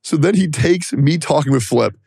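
A man in casual podcast chat, telling a story with lively swings and mimicking other people in high voices. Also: normal speed, vocal fry, breathy edge, no echo, studio quality.

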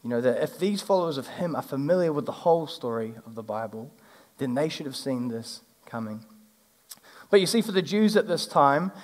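A male pastor, preaching a sermon in a church and retelling the story in a lively, casual way. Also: medium pitch. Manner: animated, acts out the characters in a casual retelling. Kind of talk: sermon with scripture reading. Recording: long hall reverb.

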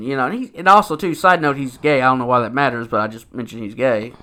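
A man's voice: medium pitch, fast, pushed and bright. A man co-hosting a podcast, telling a rambling story in casual chat, swearing often and filling with "like" and "you know". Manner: rambling, heavy swearing and filler words. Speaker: podcast co-host.

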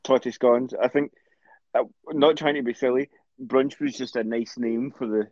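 A man's voice: medium pitch, fairly even intonation, normal speed, darkish tone, dry recording. A man with a Greenock Scottish accent co-hosting a casual podcast chat, blunt and full of anecdotes. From Scotland. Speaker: co-host. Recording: dull lo-fi dry recording.

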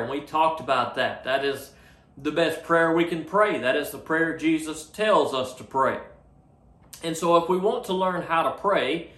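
A man's voice: a little high, fairly bright tone, reverberant. A man preaching a sermon as a pastor, earnest and plain-spoken, often repeating words as he restarts a thought.

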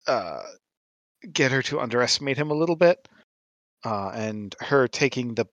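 A man's voice: mid-range voice, normal speed, dry recording, muffled recording. A man chats casually as a tabletop game player, joking at his own expense. His voice sits mid-range, and the recording is close and dry. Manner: self-deprecating, chatty.

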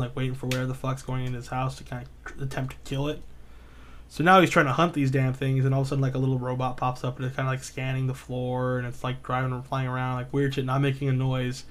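A man casually retelling a spooky story, rambling with lots of filler words and swearing. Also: mid-range voice. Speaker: podcast co-host.

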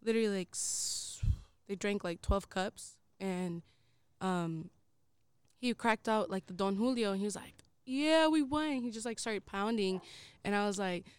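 A woman's voice: medium pitch, steady tone, normal speed, smooth, no room sound. A young woman, co-hosting a casual podcast and telling a long story, rambling with many "likes" and frequent swearing. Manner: rambling, heavy use of filler "like", swears often. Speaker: co-host.

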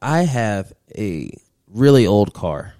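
A podcast guest, a man with a lowish voice, tells stories in relaxed, slangy chat and laughs often. The recording is dry and close, with no room sound. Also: takes it slowly, no room sound. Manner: laid-back storytelling, laughing often, slangy. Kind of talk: casual chat.

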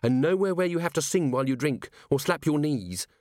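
A man's voice: on the high side, expressive, brisk, a little mellow, dry recording, voice pushed up, natural voice. A man voicing a timid young dwarf woman. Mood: nervous. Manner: timid, quavering. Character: nervous young female dwarf watch officer. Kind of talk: audiobook character voice. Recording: dry close studio sound.

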